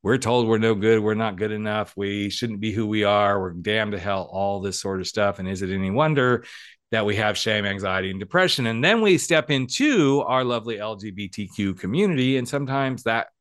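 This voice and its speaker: A man hosting a podcast, talking in an animated, emphatic, chatty way. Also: lowish voice, dry recording, studio quality. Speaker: podcast host and coach. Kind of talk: casual podcast conversation.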